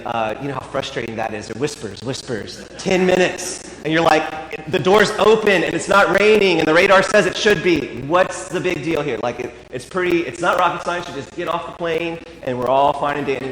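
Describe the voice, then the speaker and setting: A man's voice: on the high side, brisk, few pauses, fairly bright tone, slight background noise. A man, a priest, telling a humorous story in a sermon with dry, wry asides. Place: church. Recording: echoey church with long reverb.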